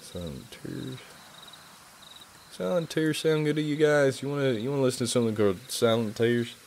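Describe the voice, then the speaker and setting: A man's voice: medium pitch, animated, moderate pace, creaky, darkish tone, a little hiss or hum. A man putting on a folksy Southern drawl. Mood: playful. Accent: put-on American Southern. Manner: playful, self-mocking, chatty. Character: folksy Southern good-old-boy man, jokey. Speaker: livestream host. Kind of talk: casual live-stream chat.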